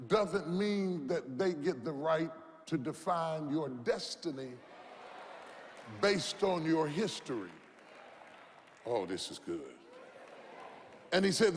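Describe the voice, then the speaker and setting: Preaching slowly and pausing often, this pastor has an expressive voice on the high side, with slight background noise. His sermon is impassioned and rhythmic, full of repeated lines the crowd says back, heard through long hall reverb.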